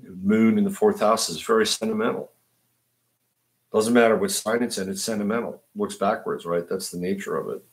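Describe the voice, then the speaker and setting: A man's voice: fairly low pitch, steady tone, normal speed. A man hosting an astrology livestream, talking conversationally and often tossing in a rhetorical "right?". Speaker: astrologer host. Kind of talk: livestream talk.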